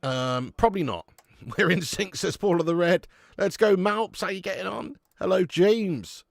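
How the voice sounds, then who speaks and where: Clean studio sound with no room echo carries this young man's high, creaky voice at a measured pace. Hosting a live football watch-along, he reads viewer comments, chats casually, laughs often and swears freely.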